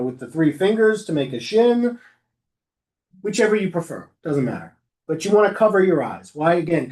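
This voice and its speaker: A man leading an informal class for lay leaders, explaining prayer customs in a conversational way and stopping to chant lines as examples. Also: fairly high pitch. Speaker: rabbi teaching lay leaders. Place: synagogue classroom.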